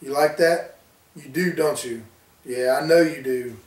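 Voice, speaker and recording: A man's voice: mid-range voice, measured pace, natural voice. A man reading a horror story aloud, voicing a deranged young male killer with a cold, taunting manner. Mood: whispered menace. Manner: taunting, menacing. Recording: roomy, distant from mic.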